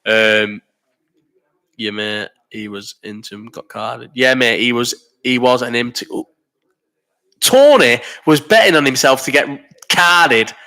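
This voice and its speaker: Rambling man in his thirties, crisp mid-pitched voice, sweary chat-show host, a little ill and coughing. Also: pushed and bright. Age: 30s. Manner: rambling and sweary, quick banter. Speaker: host of a live chat stream. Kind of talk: casual chat reading viewer comments.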